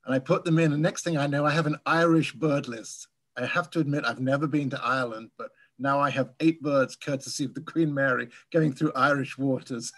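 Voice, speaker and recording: A man's voice: mid-range voice, a little fast, hardly any pauses. Englishman with a mid-Atlantic accent. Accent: English, softened by years in the US. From England. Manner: relaxed, chatty storytelling with light laughs. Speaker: guest speaker, birding tour leader. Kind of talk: casual Q&A after a talk.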